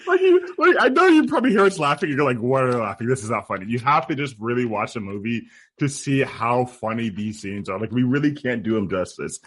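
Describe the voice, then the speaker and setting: A man co-hosting a podcast, retelling film scenes in an animated, laughing way. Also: mid-range voice, a little fast, hardly any pauses, slightly rough. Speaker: podcast co-host. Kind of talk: casual film review chat.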